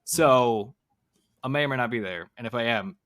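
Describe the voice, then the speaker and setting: A man co-hosting a podcast in casual chat, teasing and lively. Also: mid-range voice, moderate pace. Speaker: podcast co-host.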